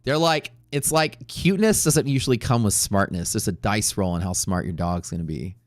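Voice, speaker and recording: A man hosting a live trading stream, chatting casually in a rambling way with profane jokes and quick asides to viewers. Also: on the low side, dry recording, studio quality. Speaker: livestream trading host.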